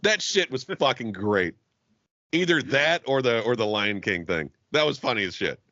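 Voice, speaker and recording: A man co-hosting a podcast in casual chat, animated and profane, laughing often. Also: medium pitch, moderate pace, no echo, muffled recording. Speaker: podcast co-host.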